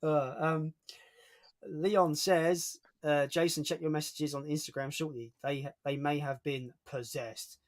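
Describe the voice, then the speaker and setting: A man's voice: fairly high pitch, steady tone, measured pace. Chatty man hosting a livestream. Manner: chatty, reads out viewer comments. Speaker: livestream host. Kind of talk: casual chat.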